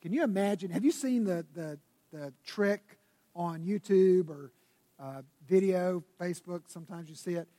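High-voiced preacher in a reverberant hall. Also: male voice, moderate pace. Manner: dynamic preaching, swinging between loud bursts and hushed tones. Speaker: pastor. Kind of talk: sermon. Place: church sanctuary. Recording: long reverb of a church hall.

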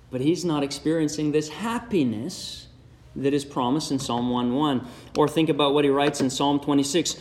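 A man preaching a sermon, measured and direct, putting one question after another to his congregation. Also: fairly high pitch.

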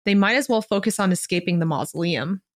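A young woman co-hosting a podcast, retelling a story in an animated way and adding playful asides. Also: lowish voice, fast. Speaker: podcast co-host. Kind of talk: reading a chapter summary aloud, casual asides.

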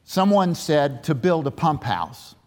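A slightly high-voiced male pastor delivers his sermon slowly but with great animation, telling a story and emphatically questioning the congregation. The sound carries the echo of the large church sanctuary where he speaks.

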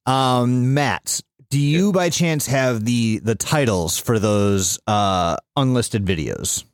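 A man's voice: medium pitch, expressive, slow pace, dry recording. A man co-hosting a podcast in casual chat, jumping in with side notes and some swearing. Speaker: podcast co-host.

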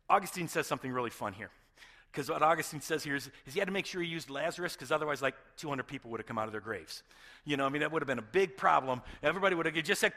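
A pastor preaches a sermon in a bright, forceful, rather high voice that rings in a big room. He keeps it conversational, often checking in with his listeners by asking "okay?" and "right?"

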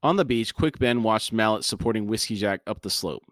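A man's voice: fairly low pitch, brisk, a bit bright, no room sound, clean studio sound. A man co-hosting a podcast who reads a novel aloud and breaks off into casual commentary. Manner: reads narration, then breaks off into chatty asides. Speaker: podcast co-host and reader.

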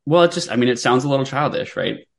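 A man's voice: mid-range voice, lively intonation, quick pace, gravelly. A man co-hosting a podcast, talking about a book in a wry, rambling way and swearing casually. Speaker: podcast co-host.

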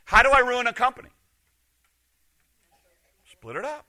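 A middle-aged man, a pastor, preaching a sermon with emphatic rhetorical questions that swing from loud to hushed. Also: extremely high pitch, big pitch swings, unhurried.

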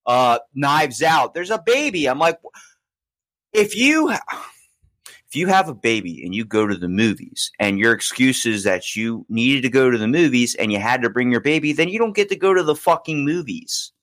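Profane ranting guy, lively pitch, dry close sound, mid voice. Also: normal speed, no echo. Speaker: podcast co-host. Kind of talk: casual podcast chat.

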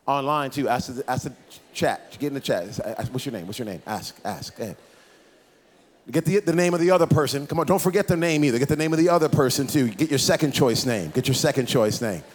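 A man preaching a sermon, animated and playful, acting out voices of Bible figures and teasing the congregation. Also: medium pitch, a little fast. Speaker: pastor. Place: church.

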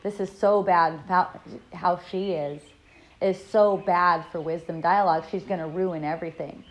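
A woman's voice: lowish voice, fairly even intonation, moderate pace. A woman hosting an online dialogue group, telling a personal story in a casual, rambling way, upbeat and effusive with frequent restarts. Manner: rambling, laughs often, many restarts.

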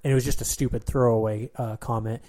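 A man's voice: medium pitch, level tone, fast, warm tone. An American man co-hosting a casual podcast, rambling through stories with lots of ums. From United States. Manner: rambling, many ums and restarts. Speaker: podcast co-host. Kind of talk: casual chat.

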